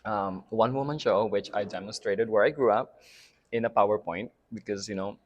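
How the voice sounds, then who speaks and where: A man's voice: fairly low pitch, a little fast, dull audio. A man from the Philippines, a guest in a casual interview, chatting in a giggly way with lots of fillers and trailing thoughts. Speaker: interview guest, drag house mother.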